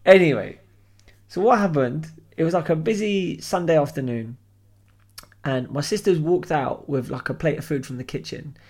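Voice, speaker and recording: A young man tells stories in a casual podcast chat. His voice sits a little high, and he acts out the people in his stories with plenty of swearing. He talks in a loose, animated way. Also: normal speed. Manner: animated anecdote-telling with acted-out quotes and heavy swearing. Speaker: podcast co-host.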